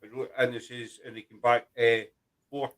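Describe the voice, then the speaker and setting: A man hosting a chat show, explaining things in a rambling, halting way. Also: medium pitch, level tone, a crowd in the background. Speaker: host. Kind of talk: casual chat.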